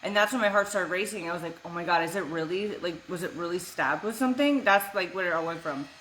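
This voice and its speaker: Woman, young adult, from the US, live-stream chat, blunt, swears a lot, bright tone. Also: on the low side, fast talker, a little hiss or hum. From United States. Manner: blunt, swears freely, talks to chat by name. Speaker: vlogger answering live chat. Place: at home.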